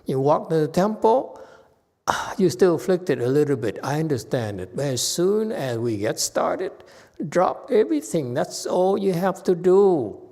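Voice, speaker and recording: A man's voice: fairly high pitch, very animated, a little slow, gravelly, warm tone. Blunt scolding man in a reverberant hall. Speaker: Buddhist teacher. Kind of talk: Dharma lecture. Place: temple hall.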